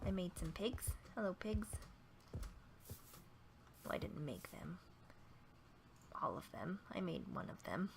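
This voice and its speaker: A woman's voice: fairly low pitch, lively intonation, normal speed, creaky, pauses often. A woman giving casual, playful commentary while playing a game and chatting to the animals on screen. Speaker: gaming video creator. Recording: noisy home recording.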